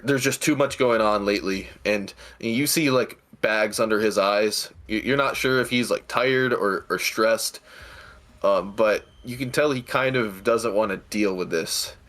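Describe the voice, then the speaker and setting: A man's voice: lowish voice, fairly bright tone. A man narrating as game master of a tabletop game, hesitant with restarts. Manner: hesitant, many fillers and restarts.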